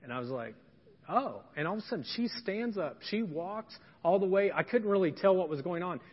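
A man preaches in a folksy, conversational way, pressing each point with emphasis. His voice sits high, and a long reverb hangs in the church hall. The recording is dull and lo-fi. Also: lively intonation, a little fast. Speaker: pastor. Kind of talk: sermon with storytelling. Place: church sanctuary.

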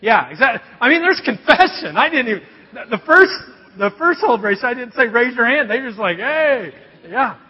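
A man's voice: very high voice, sing-song, a little fast, husky. A man in his thirties telling a funny, self-mocking family story to a live audience, chatty and full of asides. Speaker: speaker addressing a congregation. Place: large hall with an audience. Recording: long hall reverb, dull sound.

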